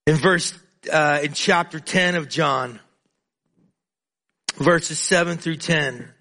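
A man's voice: on the high side, slow, pushed and bright. A male preacher giving an earnest, emphatic sermon, often repeating words as he builds his points.

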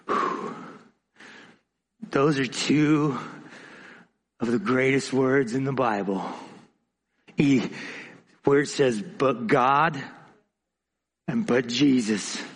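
A man preaching a sermon, dramatic, swinging between emphatic lines and quiet, hushed asides. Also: mid-range voice, drawn-out words, long pauses, long reverb tail.

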